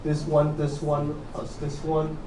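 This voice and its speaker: The male university lecturer speaks slowly in a mellow, fairly high voice with a completely flat delivery. Covering programming, he repeats things, quizzes students and keeps checking with "okay?" It's recorded from a distance in an echoey lecture hall, with slight background noise.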